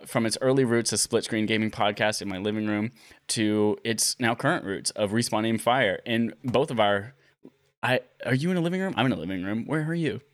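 A man hosting a casual podcast from his living room, excitable and laughing often, swearing casually as he chats. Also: medium pitch. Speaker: podcast host. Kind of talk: casual chat.

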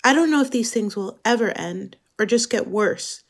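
A woman from Germany performing a scripted dramatic monologue as narrator, speaking in a slow, measured, introspective way. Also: fairly high pitch, expressive.

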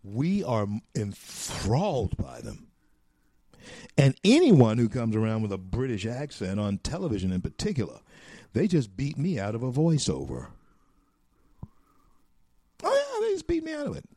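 A man from the United States hosting a talk show, delivering a folksy, preachy opinion monologue with drawn-out emphatic phrases. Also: medium pitch, sing-song, dark tone, no room sound, clean studio sound.

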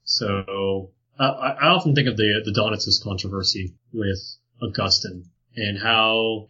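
A man's voice: on the low side, bright, forceful tone, husky, highs cut off. A man co-hosting a podcast, talking through early Christian texts in a thoughtful way, with many fillers and restarts. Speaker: podcast co-host.

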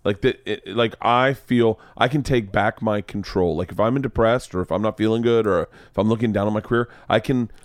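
Low-voiced man hosting a casual chat. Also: a little fast, few pauses, no room sound, clean studio sound. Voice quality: laughs along, short backchannel replies. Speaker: podcast host.

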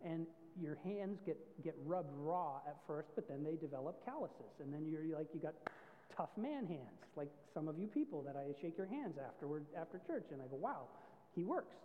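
High-voiced male pastor in a church hall. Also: expressive, normal speed, narrow, tinny audio, a little hiss or hum. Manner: conversational, explains with everyday stories. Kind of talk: sermon.

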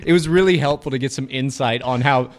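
A man co-hosting a radio show, telling an absurd story in a rambling, mock-earnest, deadpan way. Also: mid-range voice, fast. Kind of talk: improvised comedic radio banter. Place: radio studio.

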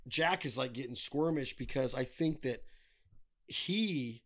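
A man's voice: mid-range voice, takes it slowly, fairly bright tone. A middle-aged man talking casually as a podcast guest, blunt and given to swearing, ranting with wry humor. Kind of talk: casual chat.

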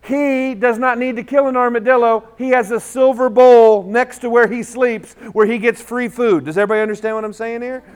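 High-voiced man telling a story to a crowd. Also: brisk, few pauses, clear, resonant tone. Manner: animated, acts out dialogue, leads the crowd in chants. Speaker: motivational school speaker. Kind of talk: storytelling speech with call-and-response.

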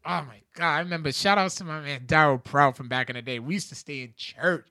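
Bright, animated male podcast co-host. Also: a little high, fast, no echo, studio quality. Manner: animated storyteller, slangy and excitable. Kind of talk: casual chat.

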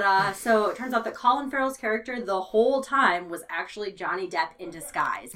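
Animated woman podcast co-host. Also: medium pitch. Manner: animated, laughs often, mock voices for characters. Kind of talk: casual movie chat.

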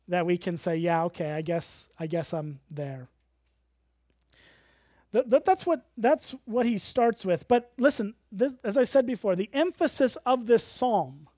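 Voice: medium pitch, no room sound, studio quality. A pastor preaching a sermon, earnest and emphatic, explaining the meaning of words as they teach.

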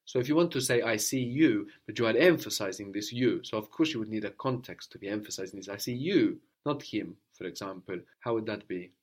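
A man's voice: on the low side, fast talker, hardly any pauses. A man teaching a language lesson, patiently prompting his student with questions and explaining grammar.

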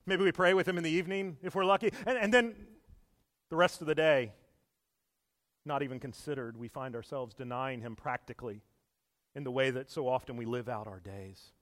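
A male pastor preaching a sermon in earnest, swinging from hushed to loud and emphatic, stumbling and repeating words with small laughs. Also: medium pitch, brisk. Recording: echoey hall with long reverb.

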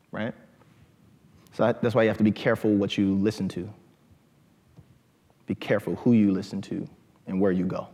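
A man giving an animated talk to a live audience in a lecture hall, often asking "right?". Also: lowish voice.

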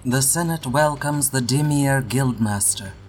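An ancient sphinx presides over a council in a slow, formal cadence, as a man voices it. Soft music sits beneath the measured speech. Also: medium pitch, close to an everyday voice. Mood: stately.

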